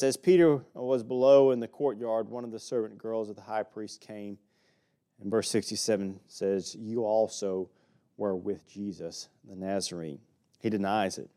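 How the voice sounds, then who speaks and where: A man's voice: fairly high pitch, darkish tone. A man with an Alabama accent, preaching a sermon and teaching through a Bible passage in a folksy way with small jokes. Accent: Southern US (Alabama).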